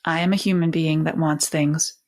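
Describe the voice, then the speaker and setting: A woman parenting educator hosting a talk, speaking expressively and acting out warm back-and-forth with a child as she teaches. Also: low voice, normal speed. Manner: expressive, emphatic, acts out dialogue with a child.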